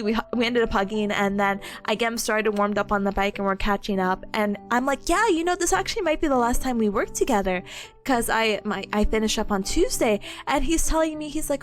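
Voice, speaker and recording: A woman's voice: high-pitched, fairly quick. A young woman streamer chatting casually, telling a story with lots of laughter and acted-out quotes. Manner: animated storytelling, frequent laughs, acts out quotes. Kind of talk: casual chat.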